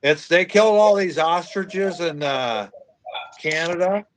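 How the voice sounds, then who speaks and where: A man's voice: fairly high pitch, a little slow, a little hiss or hum, low-quality recording. A man from Iowa hosting a casual podcast chat, blunt and crude while agreeing readily with his co-host. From Iowa, USA.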